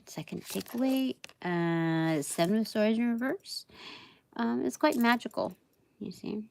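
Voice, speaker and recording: A woman reading tarot cards on a live stream, talking in a meandering, halting way full of fillers, with soft laughs between thoughts. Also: mid-range voice, creaky. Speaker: tarot reader.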